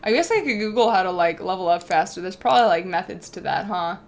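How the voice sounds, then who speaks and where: Excitable young woman streaming a game. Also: mid-range voice, quick pace. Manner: excitable, swears freely, talks back to chat. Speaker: live streamer. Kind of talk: casual live-stream chat while gaming.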